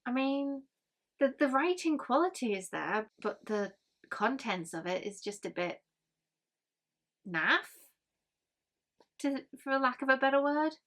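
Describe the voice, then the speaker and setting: A woman's voice: sits high, lively intonation, takes it slowly, long pauses, a bit bright. A woman gives a casual spoken book review, chatty and rambling with many ums and frank grumbles.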